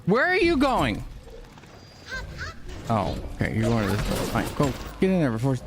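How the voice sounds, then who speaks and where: A man streaming a horror game live, exasperated and swearing, repeating words in rapid bursts. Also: medium pitch, wildly swooping pitch, noisy background. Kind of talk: live gameplay commentary.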